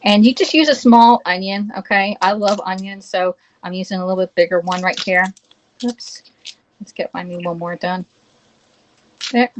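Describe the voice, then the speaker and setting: A woman with a mid-range voice and steady tone hosts a cooking livestream from her home kitchen at a normal speed, greeting viewers, reading comments aloud and checking in with "okay?" as she works. The recording is low quality, with a little hiss or hum.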